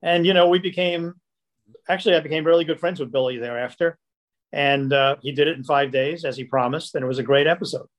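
Older guy telling stories in a podcast chat, slightly high voice, gets animated acting out everybody's lines. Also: fast. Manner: animated, acts out quoted dialogue. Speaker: producer. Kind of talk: casual storytelling.

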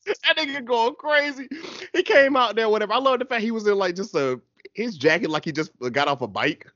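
A man co-hosting a casual wrestling chat, animated and slangy, laughing often. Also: high voice, brisk, no echo, lo-fi sound. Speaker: podcast co-host.

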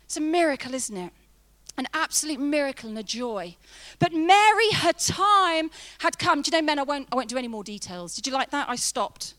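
Lady preaching, high voice, jokey storytelling then big emphatic points. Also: very animated, brisk, a bit bright. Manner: chatty, humorous, laughs often, emphatic. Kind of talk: sermon with personal story.

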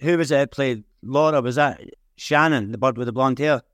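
A man's voice: mid-range voice, brisk, a bit bright, no echo, studio quality. Frank man with a broad Edinburgh accent. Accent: Edinburgh Scots. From Edinburgh, Scotland. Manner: broad Scots speech, plain and frank. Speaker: guest filmmaker and rapper. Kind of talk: casual interview chat.

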